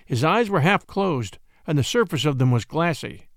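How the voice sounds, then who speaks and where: A man narrating an adventure story aloud in an expressive, dramatic reading. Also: on the high side, normal speed, dry recording, clean studio sound. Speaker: audiobook narrator.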